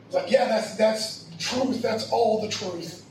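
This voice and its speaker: High-voiced casual preacher in an echoey room. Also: male voice, unhurried, distant mic, a little hiss or hum. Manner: casual storytelling, slangy. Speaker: pastor. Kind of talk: sermon.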